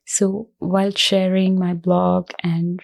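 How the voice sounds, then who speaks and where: Flat, gravelly woman telling her story. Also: on the low side. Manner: earnest, reflective, speaks in halting phrases. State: emotional, voice cracking at times. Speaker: guest, cancer survivor. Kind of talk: personal interview talk.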